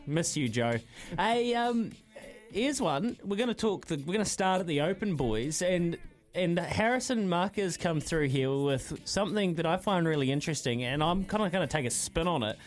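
A radio co-host, presenting a sport segment in a brisk, teasing way. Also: male voice, fairly high pitch, expressive, faint music behind.

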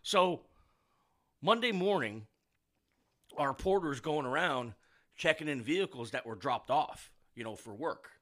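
A man with a fairly high, very lively voice and a bright, forceful edge. He swears freely and tells stories with energy in casual talk with friends. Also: measured pace, long pauses. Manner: profane, animated storyteller. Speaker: works at a car dealership service department. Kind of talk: casual chat.

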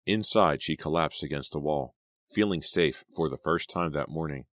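A man narrating an audiobook in measured scripted narration, close to the mic. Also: rumbling low, a bit bright, no room sound.

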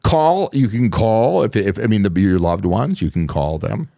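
A man's voice: lowish voice, expressive, normal speed, creaky, mellow, no echo, clean studio sound. A middle-aged man co-hosting a podcast, talking casually with many restarts and reassuring interjections. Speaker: podcast co-host. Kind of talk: casual chat.

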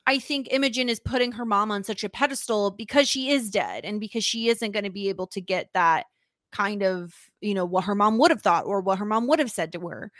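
A woman's voice: a little high, dry recording, studio quality. A woman co-hosting a podcast, chatting casually and acting out characters' lines as she retells an episode. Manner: animated, acts out characters' lines while retelling. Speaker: podcast co-host. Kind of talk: casual recap chat.

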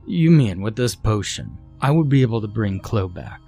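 A man's voice: on the low side, sing-song, moderate pace, vocal fry, mellow, husky, soft background music, full character voice. A man voicing a stout widower who speaks earnestly and hopefully. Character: stout grieving male widower.

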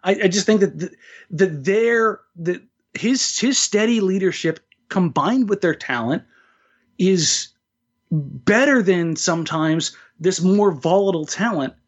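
A man with a fairly high, husky voice riffs on sports in loose podcast chat, often restarting his sentences. The sound is dull and lo-fi. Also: measured pace. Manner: talkative, jokey, frequent restarts. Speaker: podcast co-host.

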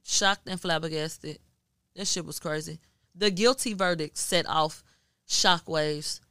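Houston woman cussing and telling it all animated, bright crisp voice kinda low, dry close mic. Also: slow, no echo. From Houston, Texas. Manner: profane, animated storytelling with acted-out quotes. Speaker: guest media journalist. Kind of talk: casual podcast chat.

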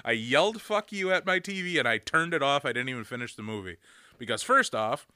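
A man in his thirties in casual podcast chat, swearing a lot and breaking into loud mock yelling as he rants. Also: medium pitch, dry recording, studio quality. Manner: profane, ranting, bursts into loud mock yelling. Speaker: podcast co-host.

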